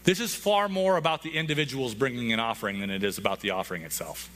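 A man's voice: medium pitch, fast, fairly bright tone, slight background noise. A man, a pastor, preaching a conversational sermon to his congregation with frequent asides.

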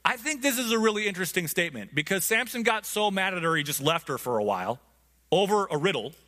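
A man's voice: high-pitched, lively intonation, fast talker, bright, forceful tone. A man teaching a Bible lesson in a casual, conversational way, often checking in with his listeners.

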